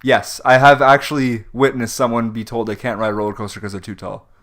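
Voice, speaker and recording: A young male co-host on a casual wrestling podcast vents his frustrations in a rant full of "like" and "um." His mid-range voice is a bit bright, fairly quick, and shows little pitch movement.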